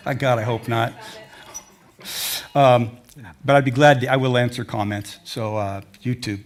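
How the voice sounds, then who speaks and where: Before an audience in a lecture hall, an older adventure travel speaker shares meandering, homespun stories of his travels. He speaks unhurriedly, with a medium pitch and a steady tone.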